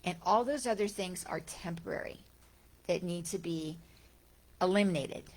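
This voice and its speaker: Slow, gravelly-voiced woman teaching spirituality. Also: fairly low pitch, a little mellow. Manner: conversational, rhetorical questions. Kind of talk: reflective spiritual talk.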